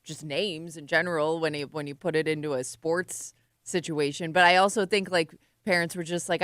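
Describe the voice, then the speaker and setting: A woman co-hosting a casual radio chat. She talks in a chatty way, full of fillers. Her voice sits a bit low, and the studio sound is dry. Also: steady tone, moderate pace, a bit bright, clean tone, no room sound.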